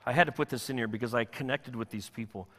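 A man preaching a sermon as pastor, animated, acting out the voices of the people in his story. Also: quick pace. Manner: animated, voices the Israelites in a high anxious pitch. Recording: long hall reverb.

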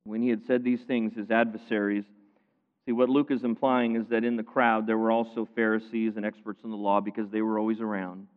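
A man preaching a sermon, retelling a scripture story with lively emphasis that swings between loud, pointed lines and quiet asides. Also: on the low side, brisk, clean tone. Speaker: pastor. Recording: phone-like sound with long hall reverb.

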